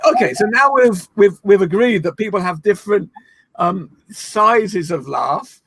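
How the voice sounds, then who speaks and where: Male laughter yoga leader; high, dry, playful and encouraging on a call. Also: animated, a little slow, creaky, a bit bright, husky, no room sound. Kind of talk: guided online laughter exercise. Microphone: video call.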